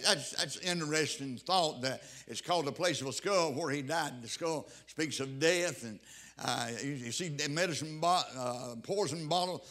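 Bright-voiced preacher man with drawn-out emphasis. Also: a little high. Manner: rhythmic preaching cadence with drawn-out emphatic phrases and interjections. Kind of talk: sermon.

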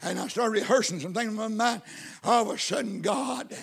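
A man preaching a personal testimony sermon, folksy and repetitive, rising into fervent shouts and whoops. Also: sits high, a little fast, creaky, breathy edge.

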